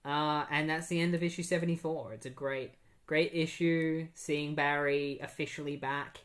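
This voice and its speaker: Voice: mid-range voice, steady tone, moderate pace, fairly bright tone. Chatty comic book podcast host. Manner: chatty, with many fillers. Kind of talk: casual comic book recap.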